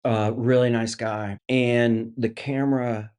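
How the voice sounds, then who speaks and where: A middle-aged actor telling a story as a guest, lively and full of restarts, acting out the voices of others. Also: male voice, medium pitch, slow pace, clean tone. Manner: lively anecdote teller, acts out quoted voices, many restarts. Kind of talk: animated storytelling.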